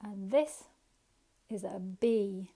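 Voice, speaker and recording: A woman teaching a phonics lesson to young children, slow and sing-song, encouraging, sounding out letters and asking questions. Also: mid-range voice, warm tone, slightly rough.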